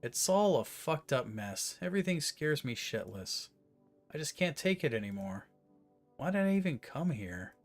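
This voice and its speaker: A man voicing a weary, hopeless tall man who talks in a low, gloomy, defeated way. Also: sing-song, normal speed, faint music behind. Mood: despairing.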